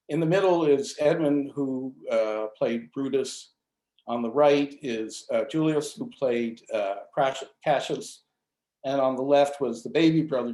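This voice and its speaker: Older male club speaker, mid-pitched, hesitant lecture delivery, roomy sound. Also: darkish tone. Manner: hesitant, many fillers and restarts. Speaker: invited speaker. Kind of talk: history talk.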